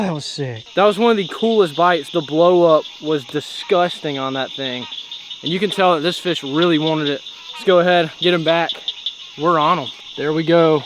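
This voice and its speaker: A young man vlogging from a boat on a night fishing trip, excitedly exclaiming as he talks, with crickets behind him outdoors. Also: on the high side, slight background noise. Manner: excitable, exclaiming, breaks into whoops. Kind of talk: excited outdoor vlog commentary. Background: crickets and insects at night.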